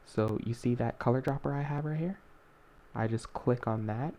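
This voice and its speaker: A man's voice: mid-range voice, moderate pace, mellow. A young man hosting a casual screen-recorded art tutorial, talking in a rambling way with many fillers and self-corrections.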